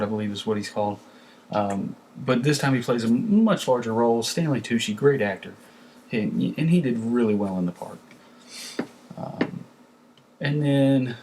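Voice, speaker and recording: Low-voiced man rambling through a review. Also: a little hiss or hum, poor audio. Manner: rambling, with many fillers and restarts. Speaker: film reviewer. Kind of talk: casual film review.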